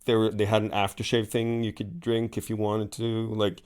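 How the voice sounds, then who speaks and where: Male comedy podcast co-host with a lowish voice. Casual, rambling storyteller. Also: level tone, normal speed, darkish tone. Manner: rambling anecdotal storytelling with many fillers. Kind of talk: casual chat.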